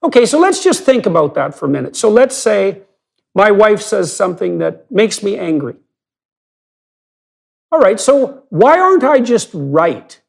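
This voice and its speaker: A man's voice: high voice, very animated, unhurried, gravelly. A man hosting a long-form podcast conversation, talking emphatically and building his argument step by step with rhetorical questions. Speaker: podcast host.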